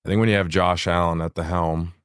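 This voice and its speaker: A young adult man co-hosting a family podcast, talking through the game in a measured, analytical way, like a sports announcer. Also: sits low, steady tone, smooth, no echo, clean studio sound. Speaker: podcast co-host. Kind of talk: casual family podcast chat.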